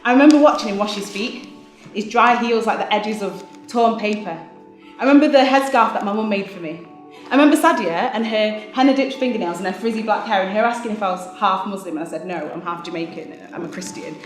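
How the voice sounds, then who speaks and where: A woman's voice: medium pitch, fast talker. Woman doing a solo stage monologue, wry and chatty, really echoey theatre, bit of music. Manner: wry, lively storytelling with laughs.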